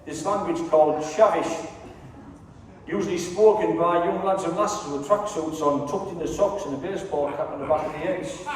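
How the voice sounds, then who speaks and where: A man's voice: on the high side, normal speed, slight background noise. A man with a Teesside accent doing a profane, rowdy stand-up routine, teasing the crowd on stage in a large hall. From England. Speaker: stand-up comedian. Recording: echoey hall from far off.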